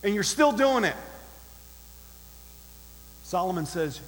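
A man's voice: high voice, lively intonation, moderate pace, long pauses, fairly bright tone, long reverb tail, slight background noise, low-quality recording. A male pastor preaching a sermon, emphatic and direct, firing rhetorical questions at the congregation.

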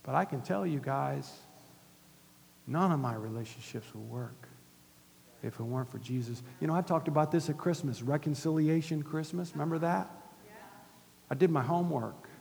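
A middle-aged man preaching a sermon in a conversational way, dropping soft and then rising loud, in a church hall. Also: fairly high pitch, normal speed, creaky, pauses often. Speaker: pastor. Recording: long reverb of a church hall.

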